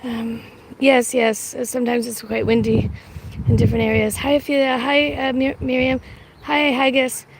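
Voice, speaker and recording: A woman live-streaming from outdoors, chatting casually to her viewers in a rambling, halting way. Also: a little high, little pitch movement, creaky. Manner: rambling and halting, full of restarts. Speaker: livestreamer. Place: outdoors on a windy street. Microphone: phone livestream, audio only. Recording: loud wind and street noise.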